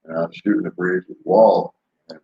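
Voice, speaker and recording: An older man with a fairly low voice chats loosely with his live-stream viewers. He rambles, laughs often and sounds unhurried. The sound is roomy and a little dull, like a lo-fi home setup. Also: fairly even intonation. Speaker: vlogger answering live chat. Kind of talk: casual live-stream chat.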